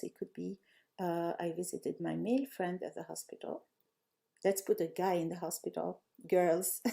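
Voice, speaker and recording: A woman runs a live online language class with a mellow, warm tone and a touch of gravel in her voice. She reads out her students' answers, corrects them gently and keeps praising them. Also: mid-range voice. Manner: encouraging, praises students often. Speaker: language teacher.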